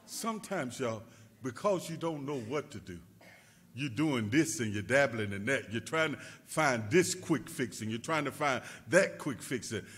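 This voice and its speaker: A male pastor preaching a sermon, rising to shouts and dropping to a hush, repeating words and calling out to his congregation. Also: animated, moderate pace, slightly rough. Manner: rising to shouts then dropping low and quiet.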